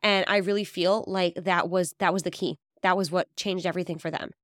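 A woman's voice: fairly low pitch, fairly even intonation, a little fast, no room sound, studio quality. A woman podcast host giving a conversational promotional outro for her coaching program.

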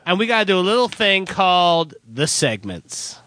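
A man's voice: sits high, very animated, moderate pace, sharp tone, slight background noise. A man co-hosting a comedy podcast, teasing his friend and laughing often, a little stuffy from a cold. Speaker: podcast co-host. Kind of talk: casual comedic chat.

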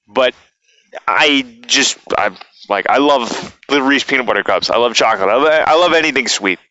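Guy podcasting, bright crisp voice, kinda dull lo-fi mic, rambles on with lots of "like". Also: medium pitch, normal speed. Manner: rambling, fond of fillers and playful asides. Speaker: podcast host. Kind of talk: casual monologue.

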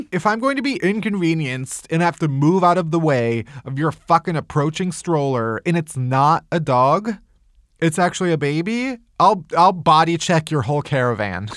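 Male comedy podcast host, over-the-top rants, swings his pitch wildly, dry close sound. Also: big pitch swings, normal speed, a bit bright, no echo. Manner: theatrical, exaggerated ranting with swearing.

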